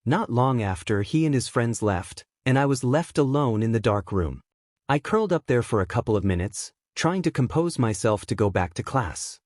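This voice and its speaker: A man's voice: mid-range voice, lively intonation, normal speed, darkish tone, dry recording, clean studio sound. Man narrating a fan story in first person. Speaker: fanfiction reader.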